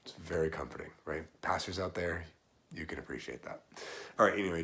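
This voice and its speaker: A man casually explaining a Bible passage in a relaxed, chatty way. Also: low-pitched, fairly quick, creaky. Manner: relaxed, conversational, chatty slang. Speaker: Bible teacher.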